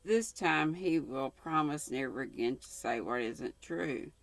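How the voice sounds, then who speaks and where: A gentle young woman caring for a small boy, patient and earnest, as a grandmother reads her aloud. The delivery is unhurried and slightly gravelly. It sounds close and dry. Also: low-pitched, no room sound. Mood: sorrowful. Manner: soft, earnest storybook reading.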